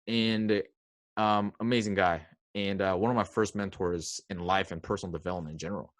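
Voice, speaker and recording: A man's voice: low-pitched, fairly even intonation, a little fast, no echo. A young man telling a story as a podcast guest, chatty and self-mocking, with lots of fillers and acted-out quotes. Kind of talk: casual storytelling.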